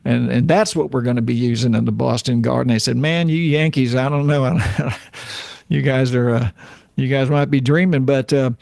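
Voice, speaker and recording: A man's voice: medium pitch, steady tone, normal speed, vocal fry, darkish tone, dry recording. An older man with a Southern US accent, a guest musician telling stories in a rambling, casual way with many repeated words and fillers. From Florida, US South. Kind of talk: casual storytelling interview.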